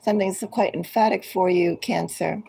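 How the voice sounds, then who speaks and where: A woman giving a collective tarot reading, speaking directly to each zodiac sign in an unhurried, musing way. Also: fairly low pitch, steady tone, vocal fry, warm tone, husky, low-quality recording. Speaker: tarot reader.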